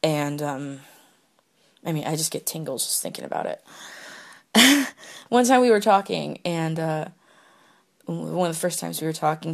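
A woman's voice: sits low, gravelly. A young woman chatting candidly into her phone, rambling and giggly with lots of fillers. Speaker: solo podcaster answering question prompts. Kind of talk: casual candid chat.

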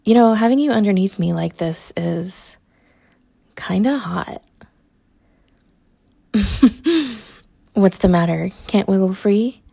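A woman's voice: medium pitch, expressive, a little slow, creaky, mellow, no echo, studio quality. A young adult woman performing a scripted audio role-play, teasing and mocking with frequent laughter. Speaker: college athlete character in an audio role-play.

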